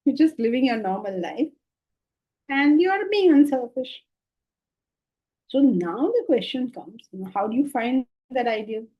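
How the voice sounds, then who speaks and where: A woman giving a spiritual lecture, emphatic and full of rhetorical questions. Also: on the high side. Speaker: spiritual teacher. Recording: dull lo-fi sound.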